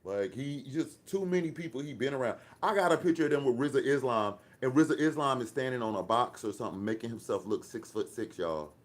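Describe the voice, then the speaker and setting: A man rants on a live stream, firing back at chat comments. He talks in brash, profane, boastful trash talk. His voice sits at an ordinary middle pitch for a man. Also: expressive, brisk, few pauses. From Atlanta, USA. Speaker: livestream host.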